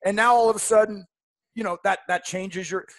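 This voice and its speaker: A man's voice: sits high, fairly even intonation, a little fast, a bit bright, dry recording. A man co-hosting a casual podcast, talking enthusiastically and rambling with many restarts. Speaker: podcast co-host.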